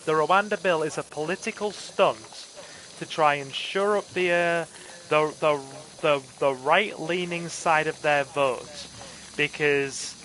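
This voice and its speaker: A man's voice: fairly high pitch, pushed and bright, a little hiss or hum, low-quality recording. A man chatting earnestly while playing a game, ranting about politics with frequent restarts. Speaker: gaming channel host and campaign volunteer.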